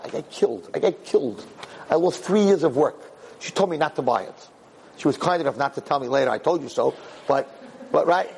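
A middle-aged man, a rabbi, giving a Torah class as an animated storyteller who repeats words as he restarts his sentences. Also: on the high side, vocal fry, a little hiss or hum.

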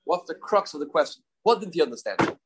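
A man's voice: fairly high pitch, animated, a little fast, noisy background. A man teaching a daily Talmud class, mixing English with Hebrew and Aramaic terms and asking rhetorical questions.

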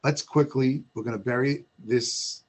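Reluctant older guy, hushed and lower, doing a favor, as a preacher voices him. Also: steady tone, a little slow, natural voice. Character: hesitant older man, father's friend.

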